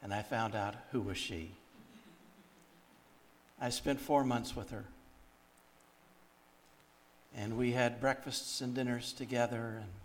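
A man with a mid-range voice, a guest speaker and singer at church events, tells stories reflectively during a sermon. There's a little hiss or hum in the recording.

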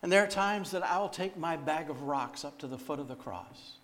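A man's voice: fairly high pitch, animated, moderate pace, a bit bright. A man who sings and speaks at church events, telling stories in a sermon and delivering them reflectively. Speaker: guest speaker and singer. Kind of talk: sermon storytelling.

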